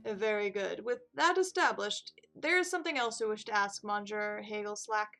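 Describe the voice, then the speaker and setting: A woman voicing an earnest male bird defense attorney who questions people in a brisk, formal way. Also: medium pitch, pushed and bright.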